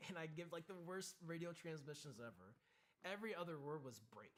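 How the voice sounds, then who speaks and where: A man's voice: on the high side, animated, fairly quick, fairly bright tone. A man, a combat veteran guest, telling a war story in casual, profane, vivid language. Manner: profane, vivid, acts out quoted voices.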